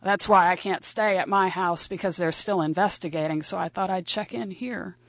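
A woman voicing a worn-out middle-aged woman who meets an old love, speaking quietly and numbly. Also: fairly low pitch, moderate pace, dry recording, natural voice. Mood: weary.

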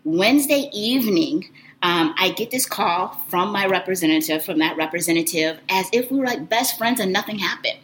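A woman telling a personal story in an animated, expressive, conversational way. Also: medium pitch, moderate pace, a little hiss or hum, rough recording.

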